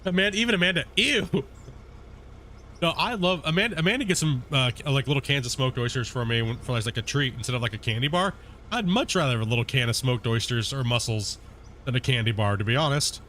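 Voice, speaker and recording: Man, game streamer, casual banter with viewers, rambling, medium pitch. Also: fast, a little hiss or hum. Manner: relaxed, rambling, filler-heavy banter. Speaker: gaming streamer. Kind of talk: casual chat with live viewers while playing.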